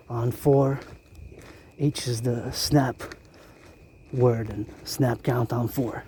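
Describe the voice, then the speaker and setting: A man's voice: mid-range voice, fairly even intonation, extremely slow, long pauses, dark tone, a little hiss or hum. A man leading a chanted marching cadence in rhythmic, sing-song loose rhymes, breaking off now and then into loose asides.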